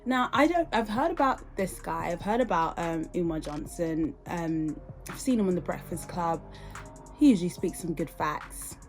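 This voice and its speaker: A young British woman hosting a podcast, reacting in an animated, indignant way and talking straight to her listeners. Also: lowish voice, moderate pace, soft background music. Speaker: podcast host. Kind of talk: casual podcast commentary.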